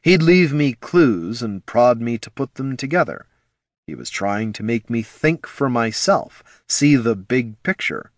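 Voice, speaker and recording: A man voicing a brooding, guarded young male wizard who speaks slowly and quietly. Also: medium pitch, sing-song, dry recording, clean studio sound. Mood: wistful.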